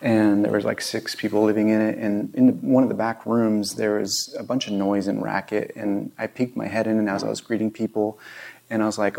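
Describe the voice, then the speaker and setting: A male pastor giving a sermon in a church, telling stories in a conversational way, with loud emphatic bursts and hushed whispered pleas. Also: on the low side, flat delivery, fairly quick, creaky. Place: church sanctuary.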